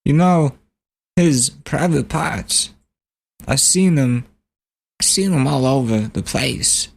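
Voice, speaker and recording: A man voicing a male prank caller who does a celebrity impression, drawing out his words with odd, halting stresses. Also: mid-range voice, expressive, creaky, pitched above the performer's own voice, exaggerated voice. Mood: deadpan. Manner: drawn-out, oddly stressed phrasing.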